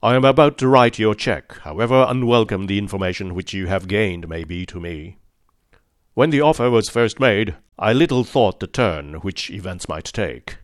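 A man's voice: on the low side, animated, moderate pace, no echo, natural voice. Man reading as a haughty old male aristocrat, stately and impatient, dry close sound. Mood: stern. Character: stern, proud aged male nobleman.

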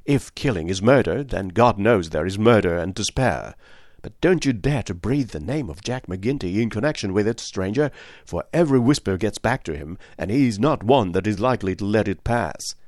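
A man's voice: lowish voice, lively intonation, moderate pace, dry recording, clean studio sound, natural voice. A man reading an audiobook voices a nervous, secretive miner who talks with urgency. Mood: warning. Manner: urgent and hushed at times. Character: nervous middle-aged male miner, secretive.

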